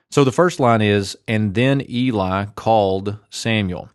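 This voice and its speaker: A man teaching Biblical Hebrew grammar in a measured, methodical way as host of a short lesson series. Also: on the low side, dry recording, clean studio sound.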